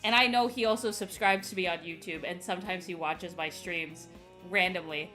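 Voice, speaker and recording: A young woman streaming live, telling a story in casual chat, animated and profane, laughing often. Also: fairly low pitch, normal speed, faint music behind.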